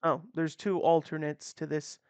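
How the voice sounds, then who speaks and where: A woman's voice: low-pitched, level tone, normal speed, a little mellow, no room sound. A woman giving casual, offhand commentary with wry asides while playing through a game. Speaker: let's-play gamer. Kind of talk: casual commentary over gameplay.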